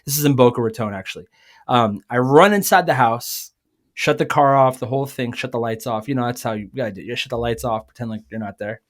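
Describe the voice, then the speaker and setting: A man chatting as a guest on a podcast, spinning a lively personal anecdote. He talks casually, piles up fillers and restarts, and slips into other people's voices as he goes. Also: mid-range voice, quick pace. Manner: animated, acts out quoted voices; frequent fillers and self-corrections. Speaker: guest musician. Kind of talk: casual storytelling.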